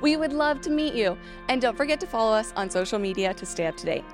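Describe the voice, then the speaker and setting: A woman with a fairly high voice talks briskly through a friendly church welcome announcement. Music plays clearly beneath her. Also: lively intonation. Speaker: church host.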